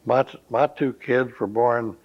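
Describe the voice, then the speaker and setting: Slow-talking older man reminiscing. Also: medium pitch, fairly even intonation. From Florida, USA. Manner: slow, rambling, pauses often with "uh". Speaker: interviewee. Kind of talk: oral history interview. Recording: dull lo-fi recording.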